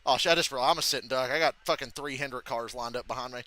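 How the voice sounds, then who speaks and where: Bright, excitable young man swearing. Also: mid-range voice, racing, hardly any pauses, no echo. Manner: excitable, swears freely, thinks aloud. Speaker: live-stream host. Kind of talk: live race reaction commentary.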